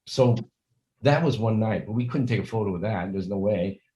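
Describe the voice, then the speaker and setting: In a conversational interview, an older guest with a fairly low, mellow voice talks at normal speed. Earnest and prone to long rambling, he acts out the lines he quotes. The audio is poor.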